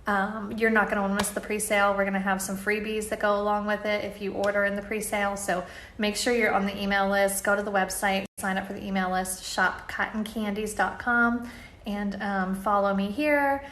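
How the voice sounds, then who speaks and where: A woman's voice: medium pitch, little pitch movement, a little fast, fairly bright tone, echoey room. A woman talking casually and earnestly to her audience, chatty and enthusiastic, with many fillers and restarts. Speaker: apparel brand founder. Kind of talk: casual talk to camera.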